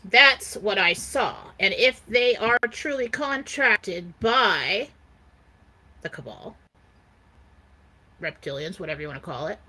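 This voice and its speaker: A woman's voice: mid-range voice, lively intonation, takes it slowly, long pauses, pushed and bright. A woman co-hosting a talk show, speaking emphatically and insistently in casual chat. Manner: emphatic, insistent, repeats "okay?". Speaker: co-host.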